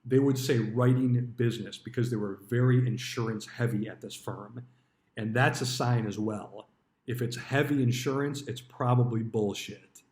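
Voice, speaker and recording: A man's voice: medium pitch, fairly even intonation, normal speed, a little mellow. A man, a retired stockbroker, telling stories about his old job in a blunt, casual way, swearing freely. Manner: blunt, swears freely, acts out quoted dialogue. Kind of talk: casual storytelling monologue. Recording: roomy echo.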